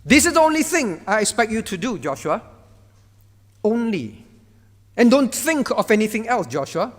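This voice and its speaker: A male pastor with a noticeably high voice preaches emphatically, repeating single words for stress and switching to a firm, commanding tone to act out God's words. His pitch swings widely at a normal speed, and long church-hall reverb trails each phrase.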